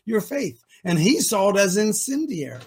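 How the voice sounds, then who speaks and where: A man's voice: high voice, big pitch swings, moderate pace, slightly rough. An older man hosting an opinionated talk show, emphatic and firing rhetorical questions at his listeners.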